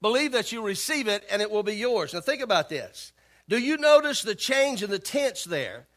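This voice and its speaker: A man's voice: high-pitched, moderate pace. A male pastor preaching a sermon, calling on the congregation to respond and repeating key phrases. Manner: animated, acts out voices of worried believers.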